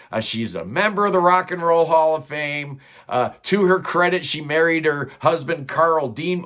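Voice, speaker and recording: A man runs through a countdown of singers he dislikes, with a slightly high voice. His delivery is blunt and sarcastic, loose and unscripted, peppered with fillers. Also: fairly bright tone. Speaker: music commentary host. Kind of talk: opinionated countdown monologue.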